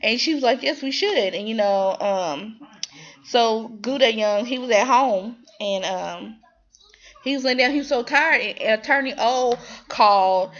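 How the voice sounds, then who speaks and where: On lo-fi sound, a woman with a higher voice talks a little slowly as she casually goes over a TV drama episode. Animated and rambling, she restarts often, leans on fillers, and acts out quoted voices.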